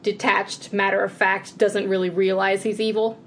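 Woman co-host, chatty, lots of "like"s, middle pitch, bit of faint hiss. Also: flat delivery. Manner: chatty, filler-heavy, talks in quick bursts. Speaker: podcast co-host. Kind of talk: casual chat.

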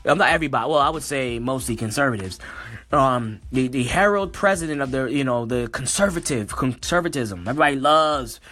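A man's voice: medium pitch, expressive, fairly quick, sharp tone. A man giving impassioned solo commentary, reading passages aloud and breaking in with emotional, worked-up remarks that often repeat themselves. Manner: reads text aloud, then comments.

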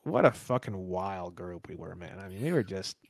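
Profane, animated man with a dry sound. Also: low-pitched, normal speed, dry recording. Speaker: podcast host. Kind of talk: casual chat.

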